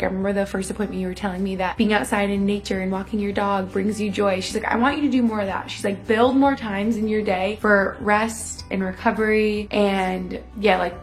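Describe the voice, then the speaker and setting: A young woman chatting in a confessional vlog, talking fast and loose with lots of "like" and acted-out quotes. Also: medium pitch. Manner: chatty, lots of "like", quoting herself and others. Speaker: vlogger. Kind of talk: casual confessional vlog chat.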